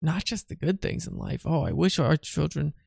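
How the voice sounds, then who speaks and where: A man's voice: a little high, animated, normal speed, creaky, darkish tone, slightly rough, no room sound, clean studio sound. A tired, yawning man teaching a Bible study in a chatty way, often asking "right?" and restarting his phrases.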